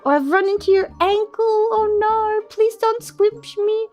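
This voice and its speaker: A woman's voice: very high-pitched, measured pace, a little mellow, soft background music, pitched above the performer's own voice. A woman voicing a small, panicky talking truck, a boy, in a fretful, whimpering voice. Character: panicky little talking isekai truck, male.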